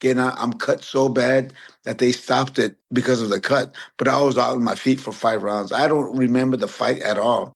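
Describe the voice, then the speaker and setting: A man in his fifties from San Antonio, a retired boxer telling stories as a podcast guest, relaxed and animated. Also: mid-range voice, normal speed, vocal fry, husky. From San Antonio, Texas. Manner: relaxed, animated storyteller who acts out quotes. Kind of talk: casual interview storytelling.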